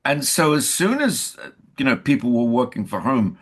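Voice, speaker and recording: Older man from England, husky voice, wide swinging pitch, playful anecdotes, home recording. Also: moderate pace. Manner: animated storytelling, playful. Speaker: actor, guest. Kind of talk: casual interview chat. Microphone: home recording setup.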